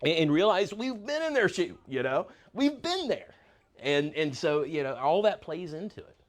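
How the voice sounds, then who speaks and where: A man in his fifties teaching a Bible class in a casual discussion, often halting and repeating his words. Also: a little high, big pitch swings. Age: 50s.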